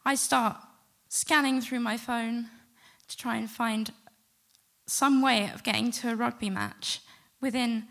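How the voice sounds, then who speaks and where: A middle-aged woman telling a personal story to a live audience, animated and acting out the quotes. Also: a little high, measured pace, creaky. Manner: lively, animated retelling with acted-out quotes. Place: stage before a live audience.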